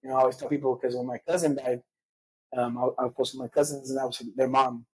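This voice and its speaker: Fast, raspy-voiced guy telling his past straight, cursing a lot, loose street talk. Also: mid-range voice, level tone, low-quality recording. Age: adult father. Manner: rapid, profane, street slang, frequent fillers. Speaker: podcast guest. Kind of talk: candid personal storytelling.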